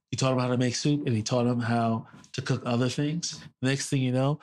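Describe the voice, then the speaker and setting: A man's voice: mid-range voice, fairly even intonation, darkish tone. Earnest middle-aged man telling family stories. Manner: earnest, halting, repeats words when moved. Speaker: interview guest. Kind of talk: emotional personal storytelling.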